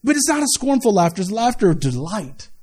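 Male pastor, high-pitched, preaching an animated sermon with humorous asides. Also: brisk, breathy edge. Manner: animated preaching with asides and laughter, swinging from loud to quiet.

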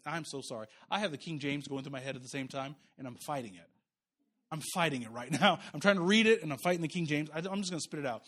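A man's voice: fairly high pitch, expressive, fast talker, sharp tone. A man pastor preaching a sermon in a conversational way, restarting words and turning to the congregation with asides.

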